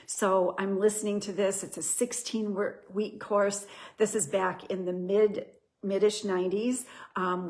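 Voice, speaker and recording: A woman's voice: medium pitch, darkish tone. Earnest middle-aged woman telling her story. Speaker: host. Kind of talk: personal testimony talk.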